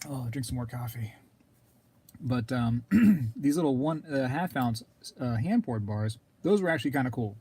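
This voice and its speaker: Rambling man clearing his throat. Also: mid-range voice, animated, moderate pace, mellow. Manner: rambling, talks to viewers in chat, clears throat often. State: throat scratchy, keeps coughing. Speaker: live stream host. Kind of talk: casual live stream chat.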